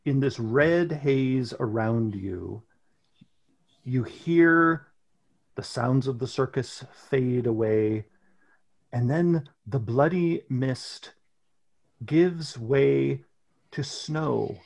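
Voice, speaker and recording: A man running a tabletop role-playing session, narrating scenes slowly and deliberately. His voice has a husky, slightly breathy edge, and he lets every detail land. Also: mid-range voice, a little mellow. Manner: slow, deliberate scene-setting. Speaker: game master.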